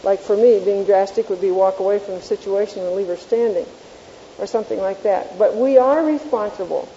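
A woman's voice: medium pitch, a little fast, warm tone, in a large hall. A woman teaching a Bible class, telling homely stories with self-mocking chuckles and quizzing the class on her points. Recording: dull lo-fi tape with faint hiss.

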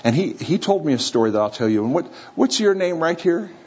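A man's voice: a little high, very animated, a little fast, a little mellow, slightly rough. A man preaching a sermon to a live congregation, telling a story with playful acted-out voices. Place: church or hall with a live audience. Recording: slightly dull recording with faint room noise.

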